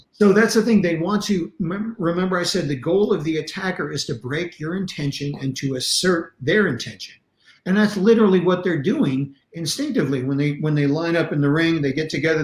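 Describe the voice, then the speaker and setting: A man who coaches martial arts and self-defense, a guest on a podcast interview, teaching in an animated, emphatic way with blunt examples. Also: fairly high pitch. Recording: roomy echo.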